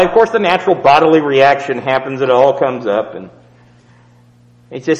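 A male preacher telling a story in a sermon, swinging between loud emphatic peaks and hushed low asides. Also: expressive, moderate pace, long pauses, in a large hall, highs cut off.

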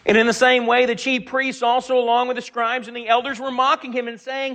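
A man preaching a sermon, reading scripture aloud and earnestly slowing down and swelling his voice for emphasis. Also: very high-pitched, steady tone, bright, forceful tone.

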